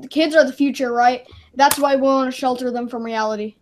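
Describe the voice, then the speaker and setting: A woman's voice: sits high, steady tone, a little fast, slight background noise. A woman co-hosting a casual group chat, talking in a sarcastic, mocking way. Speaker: podcast co-host.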